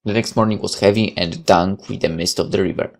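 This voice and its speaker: A man's voice: deep voice, fairly even intonation, a little fast, creaky. A man reading a visual novel aloud as narrator, with occasional casual asides.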